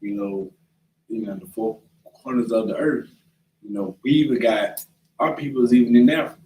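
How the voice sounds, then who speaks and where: A man's voice: mid-range voice, moderate pace, warm tone, distant mic, low-quality recording. A man in a casual Bible discussion who reads scripture aloud and chimes in with short agreements.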